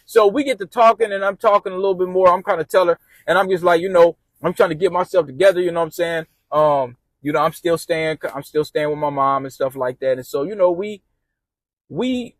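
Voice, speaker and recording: A man's voice: high voice, a little fast, dry recording. A man telling a rambling personal story casually, repeating and restarting phrases as he goes.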